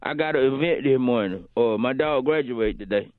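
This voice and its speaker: A man's voice: mid-range voice, moderate pace, no room sound, natural voice. A man voicing a dim, boastful male caller from the hood who stammers and fills his talk with "uh". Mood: sheepish. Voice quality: hesitant, full of stammers and "uh". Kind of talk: comedy phone prank bit. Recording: tinny dry phone line.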